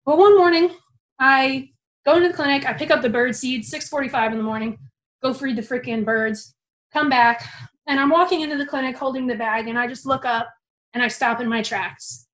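Animated young woman telling a story. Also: sits high, brisk, rough recording. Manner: animated, casual, swears freely. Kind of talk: personal storytelling.

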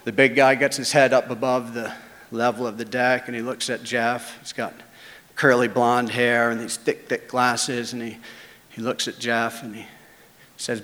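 A man's voice: medium pitch, flat delivery, moderate pace, fairly bright tone. Guy telling a wild story, casual n a bit salty, mid voice, long hall reverb. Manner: casual, conversational, with swearing. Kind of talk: first-person spoken story.

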